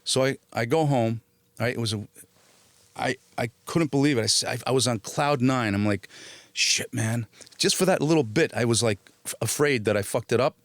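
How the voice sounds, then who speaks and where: In a relaxed interview, this actor guest, a middle-aged man who was born in Italy and grew up in New Jersey, spins a lively story, performs the quoted voices himself, and curses without holding back. He speaks fairly quickly in a mid-range voice, with no room sound.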